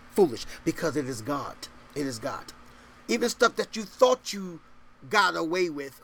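A male pastor preaching a sermon, reading scripture loudly and dropping to low asides, full of repeated questions to the congregation.

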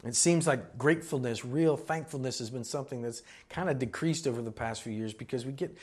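A man's voice: medium pitch, brisk, breathy edge. A man preaching a sermon as pastor, conversational and earnest, building to emphatic exhortations.

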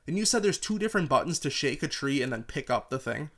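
A man's voice: on the high side, sing-song, fast talker, a bit bright. A man co-hosting a casual podcast chat, rambling and sweary, prone to playful rants. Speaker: podcast co-host.

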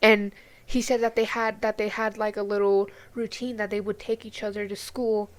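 A woman's voice: medium pitch, flat delivery, normal speed. A woman co-hosting a podcast in casual chat, blunt and emotional, swearing often and near tears. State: tearful. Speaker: podcast co-host.

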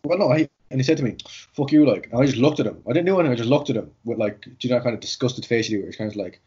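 Irish guy, a jiu-jitsu coach, rattling off rambling stories, husky voice, dull lo-fi sound. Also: medium pitch, rapid-fire, warm tone. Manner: rambling, sweary, filled with "like". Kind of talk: casual podcast storytelling. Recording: dull lo-fi audio.

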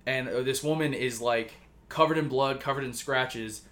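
A man's voice: medium pitch, moderate pace, a bit bright. A man casually retelling a story on a podcast, rambling with lots of fillers and swearing. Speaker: podcast co-host pitching a story.

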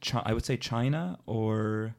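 A man's voice: medium pitch, unhurried, vocal fry. A man co-hosting a podcast, teasing and offhand in casual chat. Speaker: podcast co-host.

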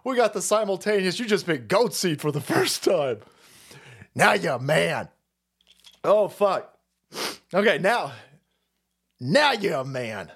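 A man's voice: sits high, sing-song, takes it slowly, long pauses, a bit bright, breathy edge. A man hosting a livestream, ranting profanely and sarcastically and laughing often. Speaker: streamer host. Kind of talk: livestream commentary rant.

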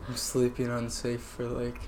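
Laconic male guest, very unhurried, faint noise behind. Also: mid-range voice, completely flat delivery, darkish tone. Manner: laconic, short answers. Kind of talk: casual chat.

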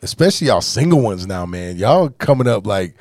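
A man in his forties hosting a casual podcast chat, his voice gravelly and full of pitch swings. He talks bluntly and with plenty of profanity, often sinking into a low mutter. The sound is dry and close. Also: big pitch swings, fairly quick, darkish tone, no room sound. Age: 40s. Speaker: podcast host.

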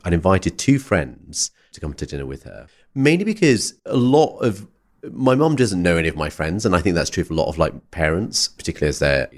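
A man hosting a podcast, telling a long rambling anecdote in an animated, chatty way. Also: deep voice. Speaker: podcast host. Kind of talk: conversational storytelling.

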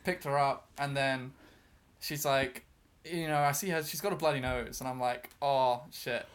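A man's voice: medium pitch, normal speed, fairly bright tone. A man chatting casually on a podcast, telling a long story with lots of fillers, restarts and self-deprecating asides. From outside Britain. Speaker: guest storyteller.

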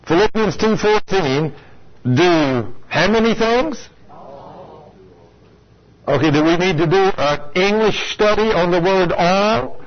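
A man's voice: high-pitched, animated, slow, pauses often. A man preaching a sermon in a folksy, direct way, speaking to his congregation and acting out complainers. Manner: folksy, talks straight to the congregation, acts out complainers. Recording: lo-fi radio broadcast.

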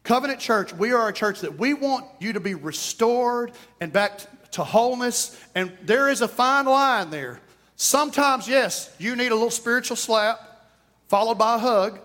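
East Texan pastor, folksy joking sermon, high-pitched male voice. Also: a bit bright. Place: church sanctuary.

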